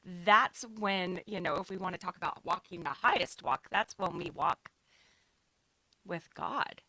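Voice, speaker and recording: A woman co-hosts a podcast in a bright, sharp voice with a slightly low pitch. The sound is dry and close, and she speaks in an encouraging way, pressing on each point of a list. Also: a little slow, no room sound. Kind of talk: conversational podcast talk.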